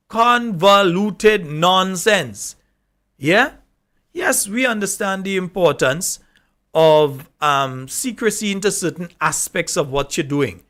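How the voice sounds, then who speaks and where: A man's voice: sits high, a bit bright. A man hosting a political call-in radio show, arguing his points and repeating them with "Yeah?". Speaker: radio talk show host.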